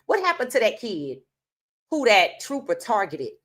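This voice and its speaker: A woman's voice: fairly high pitch, big pitch swings, a little slow, a bit bright. A woman hosting an opinionated sports commentary monologue. She talks casually and emphatically, firing rhetorical questions straight at her viewers. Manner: casual informal speech.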